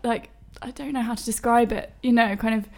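A woman's voice: on the high side, steady tone, a little fast. A woman, telling stories in a casual podcast chat, chatty and self-deprecating with many fillers.

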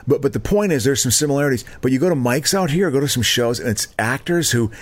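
A middle-aged man co-hosting a podcast, rambling in casual chat and jumping into high mock outrage. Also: animated, fast talker. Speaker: podcast co-host.

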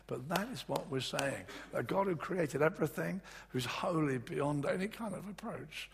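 A man preaching a sermon in an earnest, halting way with many restarts, his voice just back after being lost. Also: a little high, lively intonation, gravelly, a little hiss or hum. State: voice recovering from loss. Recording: echoey hall.

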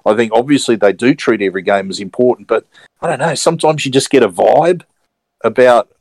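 A man's voice: medium pitch, brisk, a little mellow, dry recording, poor audio. A man co-hosting a sports podcast, talking hesitantly and picking his words carefully. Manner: hesitant, many fillers and restarts, careful wording. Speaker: podcast co-host. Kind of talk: casual sports podcast chat.

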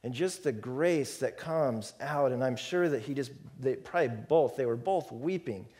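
A man preaching a sermon in a relaxed, storytelling way, acting out the characters. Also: medium pitch, normal speed.

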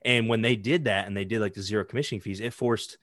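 A man's voice: on the low side, steady tone, fast talker, fairly bright tone, dry recording, studio quality. A man chatting casually, rambling with lots of "like" fillers and some swearing. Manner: rambling, heavy use of "like", swearing. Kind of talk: casual chat.

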